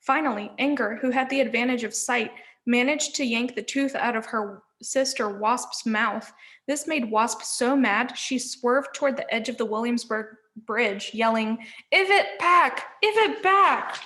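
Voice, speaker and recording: A woman with a fairly high voice reads a novel aloud as a teacher. She tells the story expressively and shifts into voices for the characters. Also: fairly even intonation, a little slow, fairly bright tone.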